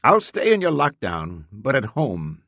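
A man's voice: medium pitch, wildly swooping pitch, measured pace, gravelly, fairly bright tone, no echo, exaggerated voice. A man voicing a restrained, angry male official who speaks with dry sarcasm. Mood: bitter. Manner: tightly controlled anger, sarcastic.

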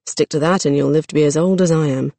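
A narrator voicing an ancient, kindly talking moon rock that speaks slowly, like a grandfather. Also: mid-range voice, vocal fry, warm tone, no echo, natural voice.

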